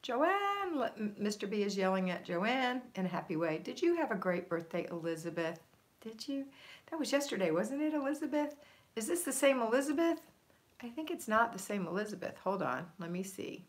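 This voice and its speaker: An older woman hosting a live stream, chatting casually and reading viewer comments aloud, upbeat, laughing often and adding quick asides. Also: fairly high pitch, expressive. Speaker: livestream host.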